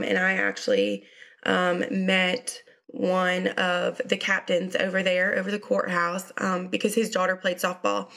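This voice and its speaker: A woman from Georgia with a Southern accent, a state investigator speaking as a guest in a relaxed, casual interview. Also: on the low side. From Georgia, USA. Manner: relaxed, uses fillers like um.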